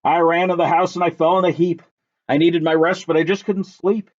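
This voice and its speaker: A man reading a rhyming picture book aloud in a lively, sing-song, rhythmic way. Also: on the high side, fairly quick. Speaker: reader. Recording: dull lo-fi recording.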